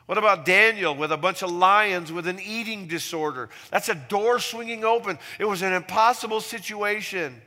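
Pastor, male, bright forceful voice, sermon delivery with loud emphatic peaks, long hall reverb. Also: moderate pace, few pauses. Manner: preaching with sudden loud emphatic peaks and soft low asides.

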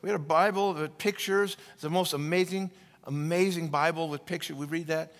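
A male pastor preaching a sermon, retelling scripture stories with lively energy and many restarts and repetitions. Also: on the high side, brisk. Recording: long reverb of a large hall.

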